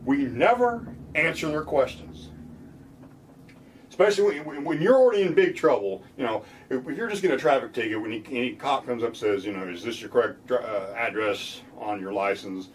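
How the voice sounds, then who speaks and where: A plainspoken man lays out legal advice in a mid-pitched voice. He picks up from a little away from the mic, with a faint hum of room ambience behind him. Now and then he barks out police lines in a mocking tone. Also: a little fast, far from the mic. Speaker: defense lawyer. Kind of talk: explainer talk to camera.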